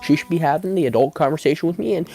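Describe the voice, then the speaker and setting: A man's voice: fairly high pitch, rapid-fire, gravelly, mellow, soft background music. A man telling a comedic story as a vlogger, rambling with many restarts and fillers and talking straight to his viewers.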